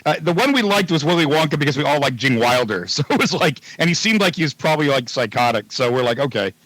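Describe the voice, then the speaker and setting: A man's voice: a little high, lively intonation, fast talker, a bit bright, no room sound, poor audio. A man joking around in a casual podcast chat, laughing often.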